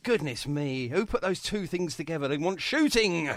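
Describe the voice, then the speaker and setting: A man's voice: on the high side, expressive, normal speed, no room sound, studio quality. An English man hosting a radio show, bantering and laughing often. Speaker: radio presenter. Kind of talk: jokey radio chat.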